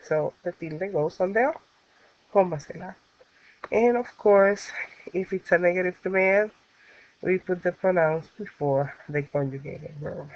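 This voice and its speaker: Speaking at a measured pace in a fairly low register, a woman explains Spanish grammar rules one step at a time, filling pauses patiently. It's a recorded classroom lesson with a dry, dull, lo-fi sound.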